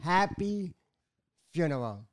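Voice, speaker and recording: A man's voice: on the high side, very animated, slow pace, no echo, studio quality. An older man from Puerto Rico with a Puerto Rican accent, telling stories in a rambling, sing-song way in casual chat.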